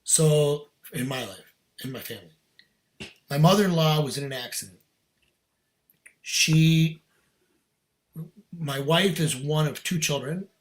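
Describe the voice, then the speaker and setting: A man guest on a podcast telling a personal story in casual, earnest talk, animated and laughing now and then. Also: medium pitch.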